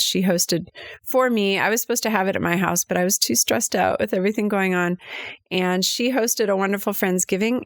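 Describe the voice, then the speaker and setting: A woman's voice: medium pitch, dry recording, clean studio sound. A woman co-hosting a podcast, telling a personal story in casual, chatty conversation. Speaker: podcast co-host. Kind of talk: casual chat.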